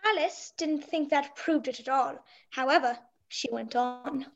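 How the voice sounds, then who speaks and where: A woman narrating a storybook drama in a gentle, measured way. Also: high-pitched, muffled recording.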